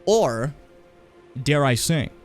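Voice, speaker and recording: Animated swearing male game streamer. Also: mid-range voice, very slow, faint music behind. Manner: animated, swearing, ranting loudly then muttering. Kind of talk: casual gaming stream chat and rant.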